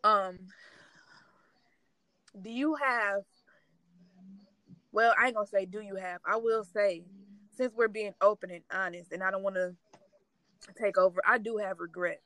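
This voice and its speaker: A woman speaking in a halting, tearful way, sharing her grief in a casual conversation. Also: medium pitch, fairly even intonation, bright, forceful tone, no room sound, low-quality recording. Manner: halting, tearful, trying not to cry. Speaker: grieving sister sharing her story.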